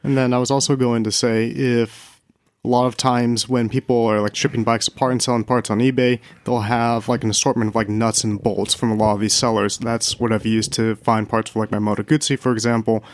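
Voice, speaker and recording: A man's voice: medium pitch, level tone, a little fast, no echo. Casual man, dry close sound. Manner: casual, filler-heavy. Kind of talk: casual chat.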